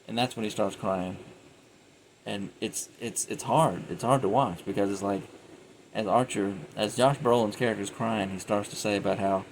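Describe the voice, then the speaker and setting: A man's voice: fairly low pitch, fairly even intonation, normal speed, vocal fry, pauses often, slight background noise, poor audio. A man giving a casual, rambling film review, retelling scenes animatedly and often laughing.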